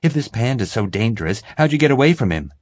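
A man's voice: medium pitch, very animated, fast, a little mellow, no echo, clean studio sound, voice pushed up. A man voicing a stern, disdainful woman with a sneering, condescending manner. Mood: scornful.

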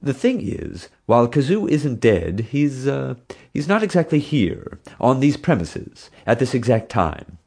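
A man's voice: medium pitch, sing-song, measured pace, a little mellow, voice pushed up, exaggerated voice. A man doing a slick, evasive publicist. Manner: smooth, placating, evasive. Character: slick park publicist man, flustered liar.

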